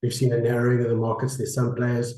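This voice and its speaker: A man, croaky from the flu, giving a hesitant online business presentation with many fillers and restarts. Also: mid-range voice, monotone, quick pace, mellow, echoey room, low-quality recording. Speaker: webinar presenter. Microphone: video call.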